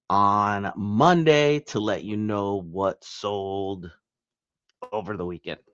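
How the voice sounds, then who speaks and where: Low-voiced man rambling through a vlog. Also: fairly bright tone, no room sound, highs cut off. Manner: chatty, rambling, self-interrupting. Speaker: reselling vlogger. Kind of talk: casual vlog update. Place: at home.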